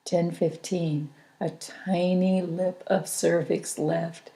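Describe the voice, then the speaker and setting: A woman reading her own memoir aloud as an audiobook, in a slow, intimate, reflective manner. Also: fairly low pitch, flat delivery, gravelly, warm tone.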